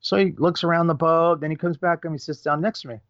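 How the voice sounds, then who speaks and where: A middle-aged man telling a racing story with lively energy, acting out quoted voices and swearing casually as a podcast guest. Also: a little high, fast talker, no echo, lo-fi sound. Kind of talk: animated storytelling.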